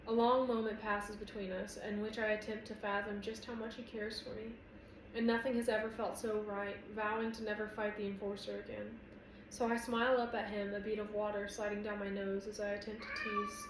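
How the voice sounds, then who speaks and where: A woman's voice: mid-range voice, steady tone, moderate pace, reverberant, background noise. A woman reading a romance fantasy audiobook in the first person, earnest and emotional. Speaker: audiobook narrator.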